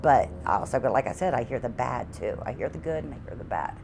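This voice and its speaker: Middle-aged woman, low voice, earnest and halting, interview testimony from her own home. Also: animated, background noise. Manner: halting, repeats words, earnest. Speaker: homeowner interviewed about hauntings.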